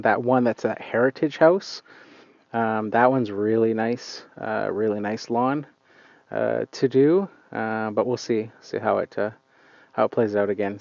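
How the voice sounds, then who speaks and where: A man's voice: medium pitch, creaky, a little mellow, no room sound, highs cut off. A man hosting a casual live stream outdoors, rambling and hesitant with lots of fillers, talking into a phone. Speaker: lawn care channel host. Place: outdoors on a client's lawn.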